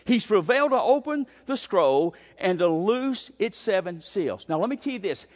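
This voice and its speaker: A male pastor preaching a sermon, emphatic, with sudden swings in pitch and pace. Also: big pitch swings, moderate pace. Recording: dull sound with long hall reverb.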